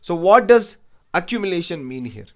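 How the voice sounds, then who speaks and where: A man's voice: sits high, very animated, moderate pace, darkish tone. A young man teaching an online exam-prep lecture, repeating phrases and asking "right?" after most lines, with Hindi asides. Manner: mixes English with Hindi asides. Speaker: educator.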